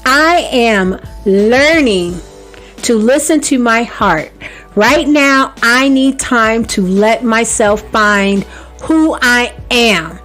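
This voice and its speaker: A woman's voice: on the high side, drawn-out words, fairly bright tone, faint music behind. A woman hosting a celebrity gossip vlog, sassy and playful, talking straight to her viewers.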